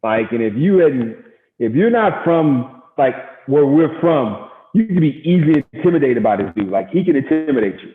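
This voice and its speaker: A middle-aged man from Gary, Indiana, a former baseball pitcher, telling stories in a casual interview and acting out quotes. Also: moderate pace. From Gary, Indiana, USA. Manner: animated storyteller acting out quotes. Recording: echoey, tinny phone-like sound.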